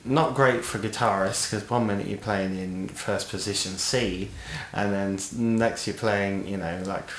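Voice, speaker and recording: A man's voice: fairly low pitch, fairly even intonation, unhurried, hardly any pauses, a bit bright, echoey room, slight background noise. A man co-hosting a podcast, a guitarist and singer chatting casually and enthusiastically, swearing now and then. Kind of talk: casual chat.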